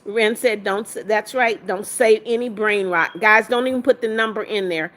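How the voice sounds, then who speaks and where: A woman's voice: medium pitch, normal speed, fairly bright tone. Woman, livestream host, casual chat, reads comments aloud, firm with trolls.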